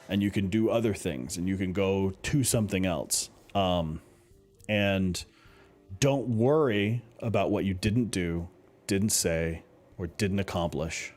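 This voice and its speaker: A man co-hosting a casual podcast, giving measured advice with many pauses and fillers. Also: fairly low pitch, darkish tone. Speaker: podcast co-host.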